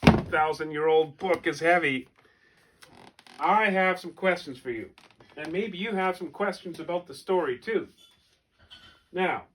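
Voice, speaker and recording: A man telling a folk tale for children and then asking his listeners gentle questions, with animated, expressive delivery. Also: fairly high pitch, measured pace, long pauses, slight background noise. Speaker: storyteller. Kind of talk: storytelling for children.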